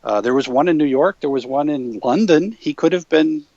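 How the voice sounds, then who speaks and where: A man guesting on a podcast, telling stories in a relaxed way with many fillers and the odd quick impression. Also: fairly high pitch, no room sound. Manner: relaxed storyteller, frequent fillers, slips into impressions. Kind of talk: casual anecdote-telling. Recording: slightly dull lo-fi podcast audio.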